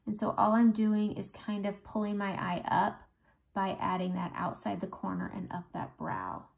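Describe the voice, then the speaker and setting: Sitting near the microphone, a woman walks through her makeup tutorial step by step in a casual, conversational way as she works. Her mid-range voice has a gravelly creak, and she keeps a moderate pace.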